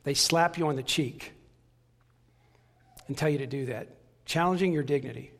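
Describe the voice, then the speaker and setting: A man's voice: fairly high pitch, moderate pace, creaky, fairly bright tone, in a large hall. A man preaching a sermon with passion, repeating key phrases for emphasis. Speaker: pastor.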